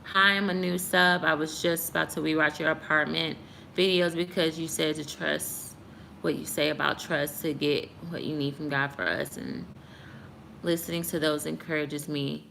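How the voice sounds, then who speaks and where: Woman, young, low voice, bright and forceful, earnest vlog chat, talking to the camera at home. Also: moderate pace, creaky, a little hiss or hum. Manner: earnest, preachy, speaks to viewers directly. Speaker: YouTube vlogger. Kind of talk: casual chat answering comments. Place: apartment at home.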